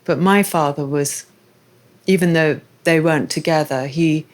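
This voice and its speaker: A woman's voice: low-pitched, a little slow. A woman hosting a casual onstage conversation at a live festival, speaking in a candid, personal and thoughtful way. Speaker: interviewer and show host.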